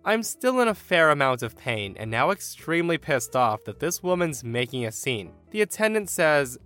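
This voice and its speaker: A man narrating a story with a lively, expressive reading. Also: on the high side, normal speed, few pauses, smooth. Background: faint music.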